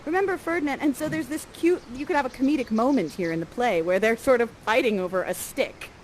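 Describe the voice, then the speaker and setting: A woman directing a live Shakespeare performance, coaching the players and reading their lines softly. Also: fairly high pitch, quick pace, slight background noise, low-quality recording. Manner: animated, coaching, reads lines aloud in a soft voice. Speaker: theatre director coaching actors.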